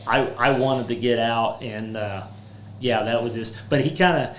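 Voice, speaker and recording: A man's voice: medium pitch, fairly even intonation, normal speed, a bit bright, slight background noise. A man, hosting a casual podcast chat and rambling with many fillers and restarts. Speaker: podcast host, roofing business owner. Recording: roomy echo with faint ambience.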